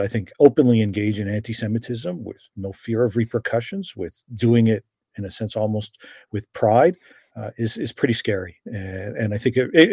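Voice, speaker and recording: A man from Canada speaking as a guest on a podcast interview, earnest and measured. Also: lowish voice, dark tone, husky, no echo. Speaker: law professor guest.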